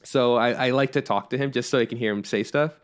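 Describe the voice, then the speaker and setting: This young podcast co-host talks quickly in a medium-pitched, clean voice. His casual chat wanders, packed with "like" and "you know."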